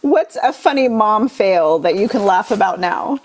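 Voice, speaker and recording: A woman's voice: mid-range voice, lively intonation, moderate pace, rough recording. A woman hosting a podcast, asking questions and offering brief affirmations. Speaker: podcast host. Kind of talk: casual interview.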